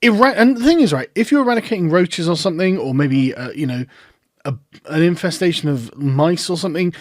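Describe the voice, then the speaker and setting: A man's voice: fairly high pitch, lively intonation, fairly quick, no echo. A man giving sarcastic commentary in a mocking, incredulous way, close to the mic. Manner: mocking, incredulous, breaks into laughter. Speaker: online commentator.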